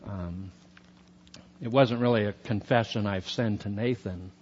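Guy preaching a bible lesson, lowish voice, kinda dull lo-fi recording w faint hum behind. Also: measured pace, a little mellow. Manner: conversational, retells scripture with fillers. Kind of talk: sermon, Bible teaching.

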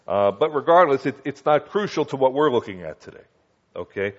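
Preacher man teaching scripture, lo-fi recording. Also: very animated. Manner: conversational, asks listeners "Okay?" and "do you understand?"; reads scripture slowly and acts out quoted voices higher. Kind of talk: expository Bible teaching. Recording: dull lo-fi recording.

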